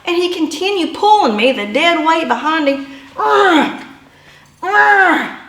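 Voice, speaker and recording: Woman in her 50s, high voice, telling a funny story about herself, lively, echoey room. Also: normal speed. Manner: animated, humorous, self-deprecating. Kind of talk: personal storytelling.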